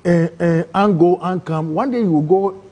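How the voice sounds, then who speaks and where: Ghanaian man, interview guest, high husky voice, animated testimony that acts out the people in his story. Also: moderate pace. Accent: Ghanaian English. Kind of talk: emotional personal testimony.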